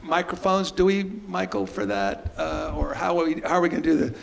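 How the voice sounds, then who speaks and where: A man with a strongly gravelly, fry-laden voice leads an onstage conversation. His pitch sits a bit high for a man, and he talks in a loose, rambling way. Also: fairly quick. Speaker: interviewer.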